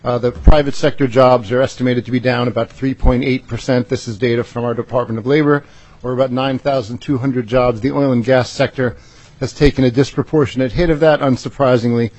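A man giving formal testimony to a legislative committee, presenting a bill in a halting way with frequent "uh" fillers and restarts. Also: medium pitch, fairly even intonation, darkish tone. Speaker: state agency official presenting a bill.

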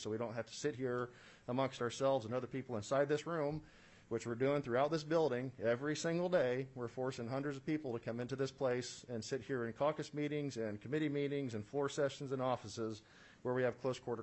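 This state senate committee chair has a medium-pitched, somewhat mellow voice. Speaking from a committee room, he runs a formal legislative hearing in a procedural, businesslike way, using lots of "uh" fillers and the occasional dry aside.

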